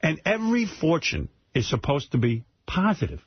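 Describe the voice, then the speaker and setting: Husky-voiced man telling a story on radio. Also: a little high, big pitch swings, moderate pace, no echo, dull audio. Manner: emotional, rambling, repeats himself. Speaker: radio host. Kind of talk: casual radio talk, storytelling. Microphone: studio microphone, dry.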